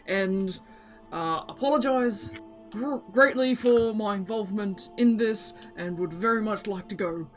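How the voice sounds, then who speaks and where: A woman's voice: on the high side, pitched above the performer's own voice. A cornered bandit leader in a fantasy game speaks with nervous, over-polite formality, played by a woman running the table. The voice stays close to an everyday speaking voice.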